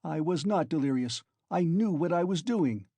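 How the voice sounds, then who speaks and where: A man's voice: on the high side, lively intonation, moderate pace, warm tone, dry recording. A man voicing a feverish young male former student who speaks in a strained, defensive way. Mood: defiant. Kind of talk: audiobook character reading.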